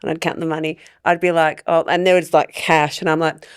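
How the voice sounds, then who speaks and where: A woman co-hosting a podcast, chatting quickly and acting out what people said. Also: deep voice, little pitch movement, clear, resonant tone, dry recording, studio quality. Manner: chatty, quick, acts out quotes. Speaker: podcast co-host. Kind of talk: casual chat.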